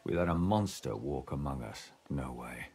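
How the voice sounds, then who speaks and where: A man's voice: rumbling low, animated, normal speed, a little mellow. An actor playing a weary, bitter former scribe who calls himself a madman, in game voice acting. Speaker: video game character.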